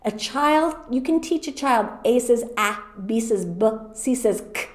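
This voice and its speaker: A woman's voice: on the high side, lively intonation. Woman coaching teachers in an echoey room. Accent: American. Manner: clear, explanatory, acts out slow sounds. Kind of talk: teacher training presentation.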